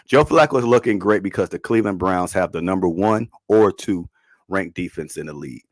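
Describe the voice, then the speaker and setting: Man, podcast host, casual sports talk, slangy, repeats himself, low pitch, dry sound. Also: no echo.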